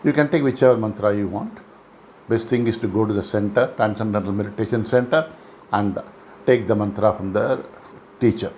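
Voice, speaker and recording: Calm man teaching meditation. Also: mid-range voice. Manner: calm, measured, repeats key phrases. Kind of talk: instructional lecture.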